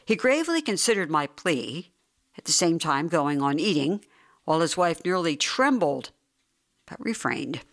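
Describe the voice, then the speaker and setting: An audiobook narrator reading a first-person story in a measured, wry storytelling manner. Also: mid-range voice, very animated, a bit bright. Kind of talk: scripted narration.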